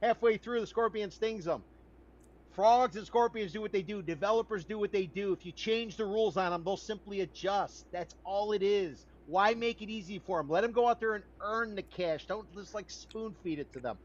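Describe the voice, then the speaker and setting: A man with a high, lifted voice argues his point bluntly and emphatically, with a folksy turn of phrase. The sound is a little dull and lo-fi, like a podcast debate. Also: moderate pace. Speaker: podcast host.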